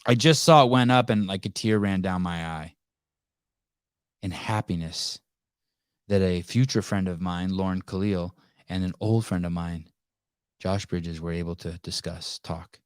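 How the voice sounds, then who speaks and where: A deep-voiced man hosts a live call-in podcast in loose, casual chat. He rambles, swears freely and restarts his sentences often. The sound is close and dry, with no room around it. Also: measured pace, clean tone, no room sound. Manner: rambling, profane, many restarts and fillers. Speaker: podcast host.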